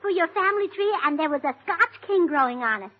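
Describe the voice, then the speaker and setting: A woman co-hosting a 1940s radio comedy, scatterbrained, bubbly and excitable. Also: very high voice, fast talker. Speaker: comedy show co-host. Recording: muffled old radio transcription with hiss.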